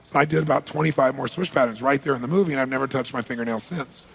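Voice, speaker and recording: A motivational speaker at a live seminar talks very fast in a creaky, slightly rough mid-range voice, and the big hall adds a roomy sound. He tells energetic stories, playing out conversations and throwing questions to the crowd.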